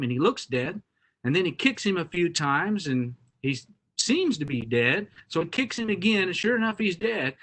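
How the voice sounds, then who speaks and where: A man with a bright, somewhat high voice gives a keynote talk. He tells a fable in an animated way before moving into his main point. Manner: animated storyteller. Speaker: executive director and featured speaker.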